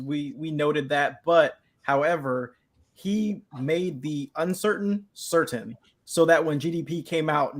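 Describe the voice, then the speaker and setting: A man's voice: a little high, a bit bright. A man who is a guest on a live chat, giving his market opinions in an upbeat, talkative way. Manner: upbeat, talkative, says "like" often.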